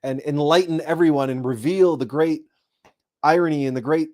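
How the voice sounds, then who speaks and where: A man hosting a spiritual talk show, speaking in a monologue that grows animated as he acts out imagined people. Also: fairly high pitch, normal speed. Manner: animated storytelling, acting out imagined people in raised voices. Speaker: host.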